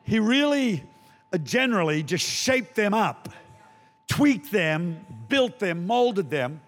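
An older man preaching a sermon as a guest pastor, animated and acting out voices, shouting for emphasis. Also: high-pitched, takes it slowly, big-room sound.

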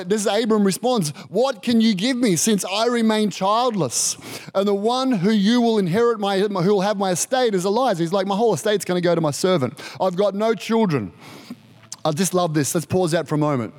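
Male pastor, higher voice, lively sermon delivery, acts out the voices in his stories. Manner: animated, acts out quoted voices.

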